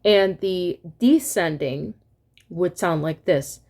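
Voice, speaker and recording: A woman teaching an online music lesson in a relaxed, halting way, stopping now and then to sing solfege syllables. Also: lowish voice. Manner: relaxed and halting, many ums, sings solfege syllables to demonstrate.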